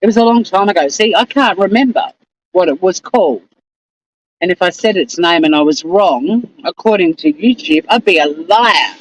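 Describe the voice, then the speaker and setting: A woman's voice: fairly low pitch, animated, normal speed, poor audio. A woman with an Australian accent, hosting a casual live stream and chatting in a rambling, exasperated way.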